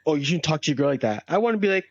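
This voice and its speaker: A man's voice: fairly high pitch, expressive, racing, lo-fi sound, a crowd in the background. A young adult man co-hosting a casual chat podcast, emphatic and acting out quotes as he talks. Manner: emphatic, acts out quotes, laughs often. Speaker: podcast co-host.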